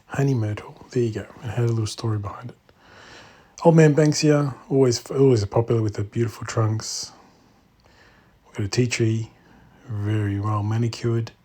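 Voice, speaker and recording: A man with a lowish, husky voice talks his way around an indoor exhibition room. His remarks are quiet and murmured, sometimes falling almost to a whisper, in the easy manner of a casual walk-through. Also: flat delivery, brisk. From Australia. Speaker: bonsai channel host.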